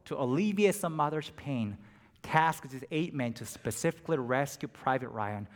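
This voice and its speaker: Preacher swinging from hush to fervor. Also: male voice, mid-range voice. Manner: dynamic, drops to near-whispers and rises to emphatic peaks. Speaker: pastor. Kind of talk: sermon.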